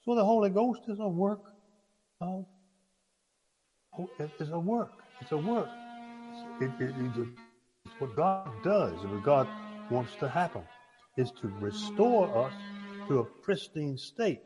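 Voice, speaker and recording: A man preaching a sermon in a folksy, halting way, often restarting his words. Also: on the high side, sing-song, in a large hall, music in the background.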